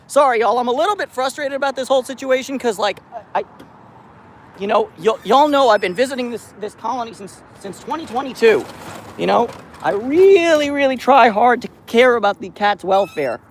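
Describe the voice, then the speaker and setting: A man vlogging outdoors on a city street about the cats he looks after, chatting casually to the camera and greeting the cats in a high sing-song voice. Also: lively intonation, normal speed, slight background noise. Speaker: vlogger caring for a street cat colony. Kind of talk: casual vlog talk to camera.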